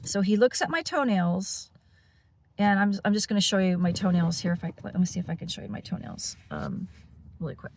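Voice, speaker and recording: A woman's voice: medium pitch, expressive, fairly quick, a little mellow, slight background noise. A woman telling a personal story to her camera in a casual, rambling way, with lots of fillers and restarts and frequent small laughs. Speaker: paranormal channel host.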